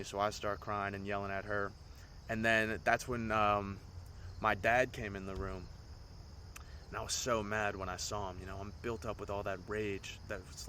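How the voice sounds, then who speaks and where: A man's voice: lowish voice, bright, forceful tone, slight background noise. A man in his twenties telling his own story on a solo podcast in a loose, rambling way, swearing often. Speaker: podcast host. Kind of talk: casual storytelling monologue.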